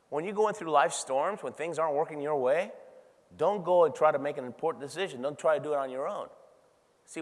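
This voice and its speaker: A man giving a motivational keynote speech at a convention, telling stories in an animated way and laughing often. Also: on the high side. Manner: animated storytelling with frequent laughs. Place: large convention hall. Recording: long hall reverb.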